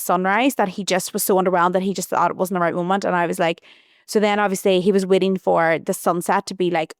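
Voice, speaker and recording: Chatty woman podcaster, smooth voice. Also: fairly low pitch, no room sound, clean studio sound. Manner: chatty, rambling, heavy use of "like". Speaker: podcast host. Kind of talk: casual storytelling monologue.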